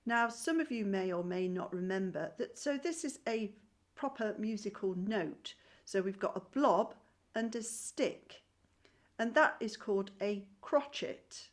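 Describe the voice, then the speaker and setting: Woman, music teacher, unhurried, patient, encouraging, online lesson. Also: mid-range voice, expressive. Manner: claps and chants rhythm syllables. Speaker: primary school music teacher. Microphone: screen-shared video call.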